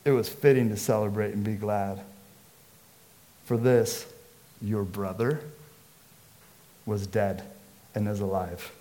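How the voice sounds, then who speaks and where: A man playing a patient father in a sermon's retelling of scripture. He speaks softly and reassuringly, dropping his voice below its usual pitch. Each line comes out slow and tender. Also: steady tone.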